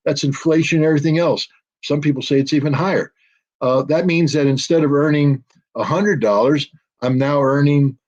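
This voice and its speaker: Man, American accent, middle-aged, interview guest, emphatic, sardonic, mid-pitched, muffled lo-fi recording. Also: darkish tone. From United States. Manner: emphatic and sardonic, mocking quoted officials. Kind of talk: political commentary interview. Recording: dull lo-fi audio.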